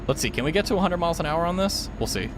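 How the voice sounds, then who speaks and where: A man with a fairly high, fast voice streams a trucking game over background noise, chatting casually with his viewers. He's excitable, laughing and yelping whenever the game glitches or something goes wrong.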